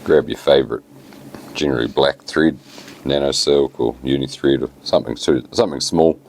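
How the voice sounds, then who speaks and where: A man with a New Zealand accent and an extremely low, fry-tinged voice talks at normal speed through a fly tying tutorial. He's relaxed and plain-spoken, using lots of fillers, and the recording carries a little hiss or hum.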